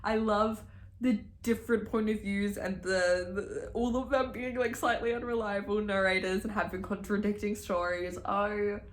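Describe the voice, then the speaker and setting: A woman's voice: mid-range voice, fairly even intonation, normal speed. Gushing young woman vlogger. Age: young adult. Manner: gushing, chatty, swears freely. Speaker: book vlogger. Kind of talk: casual reading vlog chat.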